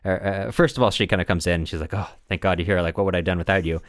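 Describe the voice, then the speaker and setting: A man with a very low, deep voice, recapping a book in loose, casual chat. He stumbles and restarts often and laughs as he goes. The sound is close and dry. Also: no room sound. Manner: rambling, halting with many restarts and fillers, laughs often. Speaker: podcast co-host.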